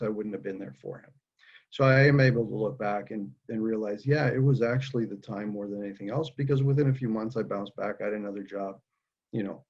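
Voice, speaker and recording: A man with a husky, breathy voice speaks earnestly and haltingly, restarting his sentences as he goes. The audio is muffled and lo-fi, like a video call. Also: fairly low pitch, darkish tone. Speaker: guest speaker. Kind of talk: candid personal conversation.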